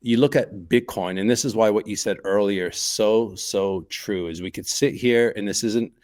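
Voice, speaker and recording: A man's voice: fairly low pitch, normal speed, darkish tone. A man co-hosting a podcast, talking casually with eager, repeated emphasis. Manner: enthusiastic, repetitive emphasis. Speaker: podcast co-host.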